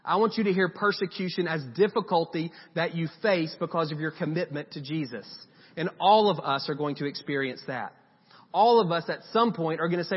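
A man's voice: fairly high pitch, brisk, breathy edge. A man preaching a sermon, earnest and conversational, acting out short quoted lines as he goes. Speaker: pastor. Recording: dull sound with long hall reverb.

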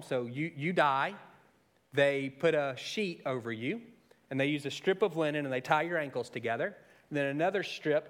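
A man preaching a sermon, moving between soft, intimate asides and raised, emphatic storytelling. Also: medium pitch. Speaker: pastor.

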